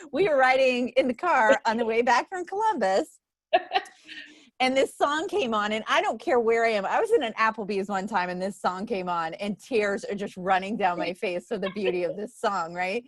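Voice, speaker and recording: A woman's voice: fairly high pitch, expressive, moderate pace, no room sound. A woman hosting a book club, telling casual stories and laughing often. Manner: chatty storyteller who laughs often. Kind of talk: casual chat.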